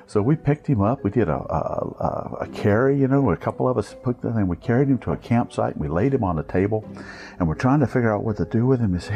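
A man telling a funny scouting story, animated and chuckling, acting out other people in high-pitched voices. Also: fast, highs cut off, soft background music. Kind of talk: storytelling anecdote.

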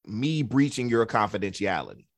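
Lively, expressive male therapist. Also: fairly low pitch, moderate pace, no room sound, studio quality. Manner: relaxed storyteller, acts out quotes in a raised voice. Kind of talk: casual podcast conversation.

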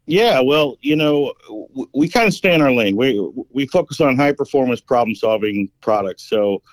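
Easygoing male guest, relaxed. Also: medium pitch, normal speed, dry recording. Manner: relaxed, easygoing, hesitant fillers. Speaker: guest, additive company rep. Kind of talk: casual interview answers. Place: at home on a couch. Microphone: phone call.

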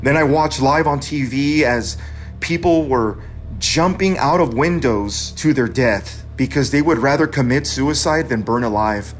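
A man's voice: mid-range voice, unhurried, soft background music. Earnest man telling his own story. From California. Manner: earnest, acts out quoted dialogue. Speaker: veteran storyteller. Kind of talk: personal narration.

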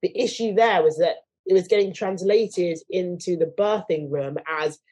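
Woman, lowish pitch, mellow, interview guest, thoughtful, mimics quoted voices. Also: normal speed, slightly rough, low-quality recording. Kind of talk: conversational interview.

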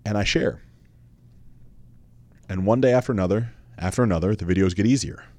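Speaking briskly, this thirty-something podcast host tells a personal story in a fairly low, slightly mellow voice. He's earnest and candid, repeating phrases to stress them and swearing casually in a conversational monologue. The recording is dry and close, with no room sound.

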